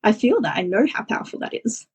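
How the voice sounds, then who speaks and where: A woman's voice: medium pitch, big pitch swings, quick pace, breathy edge, lo-fi sound. A woman hosting a podcast, talking enthusiastically and affirming her guest, with many fillers like "you know". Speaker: podcast host, business coach. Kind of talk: casual podcast conversation.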